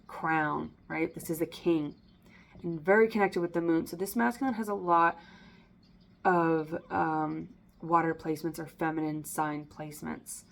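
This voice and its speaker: A woman's voice: low-pitched, gravelly. A woman giving a casual spoken tarot reading, rambling with frequent ums and likes and breaking off to restart her thoughts. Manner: self-interrupting, slips and restarts. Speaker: tarot reader.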